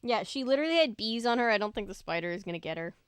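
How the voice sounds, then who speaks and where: A woman's voice: fairly high pitch, lively intonation, racing, clean tone, dry recording, studio quality. A woman reading a children's horror book aloud, breaking off for casual asides to her viewers. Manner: casual, chatty remarks to viewers between passages. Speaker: book reader and video host.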